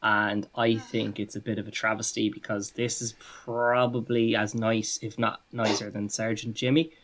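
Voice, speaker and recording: A man's voice: on the low side, little pitch movement, normal speed, a bit bright, a little hiss or hum. An Irish man co-hosting a podcast, reviewing beer in casual chat with enthusiastic, rambling talk. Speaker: podcast co-host.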